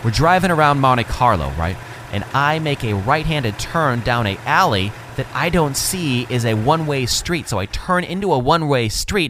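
A man's voice: medium pitch, a bit bright, slight background noise. A man in his thirties from Wisconsin, a chatty, jokey podcast host telling stories. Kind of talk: casual monologue.

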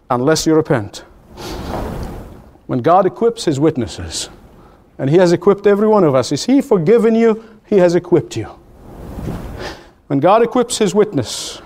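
A man preaching a sermon in an emphatic, repetitive cadence, swinging from high exclamations to low, slow, solemn lines. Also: darkish tone.

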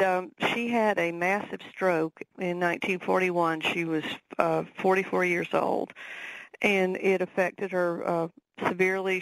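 Woman, Southern accent, gravelly voice, halting delivery, radio guest. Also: lowish voice, fairly bright tone, no room sound, rough recording. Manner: halting, many ums and restarts. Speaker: author and guest. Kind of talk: radio interview.

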